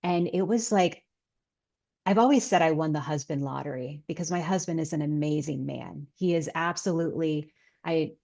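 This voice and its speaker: Casting: middle-aged woman guest, low voice, earnest storytelling tone. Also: gravelly, darkish tone. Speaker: guest author and healer. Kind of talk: casual interview chat.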